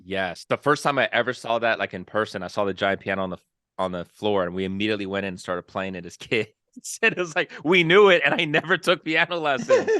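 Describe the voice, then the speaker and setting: A man hosting a podcast, talking in an animated way and laughing often. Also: fairly high pitch, no echo, studio quality. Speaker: podcast host. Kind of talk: casual chat.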